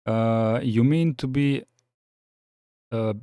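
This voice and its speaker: A man's voice: mid-range voice, extremely slow, mellow, clean tone, no echo, clean studio sound. A man from the Balkans hosting a casual live chat, reading viewer comments and answering with many restarts and fillers. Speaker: livestream host reading chat.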